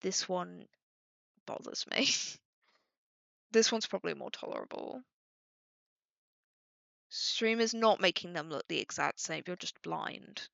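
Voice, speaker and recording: Creaky, bright-voiced young woman streamer. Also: fairly low pitch, animated, takes it slowly, pauses often, no room sound. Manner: exasperated, swearing, talking to chat. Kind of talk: casual livestream chat. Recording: dull lo-fi dry mic.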